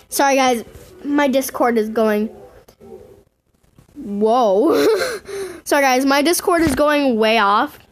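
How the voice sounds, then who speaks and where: A woman giving casual game commentary to her viewers in an excitable way, often squealing and gasping. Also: a little high, a little hiss or hum. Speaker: gaming video host.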